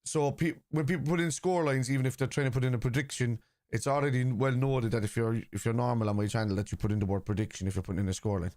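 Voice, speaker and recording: A man's voice: medium pitch, fairly even intonation, fast talker, hardly any pauses, darkish tone, dry recording, studio quality. A middle-aged man hosting a football watchalong, talking casually and bluntly while reading out and answering viewers' comments. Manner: blunt, combative with chat, reads comments aloud. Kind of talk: casual live-stream chat.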